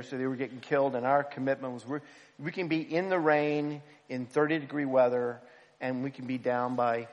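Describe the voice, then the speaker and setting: A man, a pastor, telling a self-deprecating story in an animated, humorous way. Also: mid-range voice. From United States. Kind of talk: storytelling sermon. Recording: long hall reverb.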